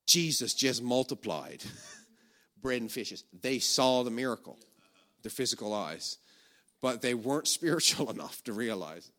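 Bright-voiced animated male preacher. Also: medium pitch, moderate pace, pauses often. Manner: animated storytelling, shouts quoted commands. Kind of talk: sermon.

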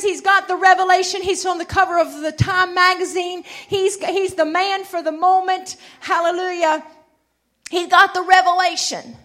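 Woman preaching, real high bright voice, gets loud and emphatic when she drives a point home. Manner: emphatic, builds to loud declarations. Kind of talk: sermon.

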